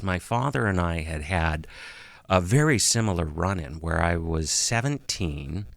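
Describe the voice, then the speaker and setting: A man around fifty, a guest in an interview, telling a personal story in a halting way, with pauses and restarts, and audibly emotional. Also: deep voice, expressive, creaky, no room sound. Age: about 50.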